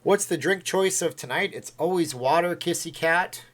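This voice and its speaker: A man's voice: fairly high pitch, normal speed, a bit bright. A man hosting a casual livestream, rambling and chatting as he reacts to viewer comments. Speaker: livestream host.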